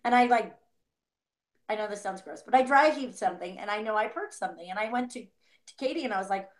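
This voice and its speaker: A woman's voice: medium pitch, animated, quick pace. A woman co-hosting a weekly tarot reading, talking casually and animatedly, acting out little inner voices and laughing often. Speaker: tarot reader co-host. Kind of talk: casual spiritual reading chat.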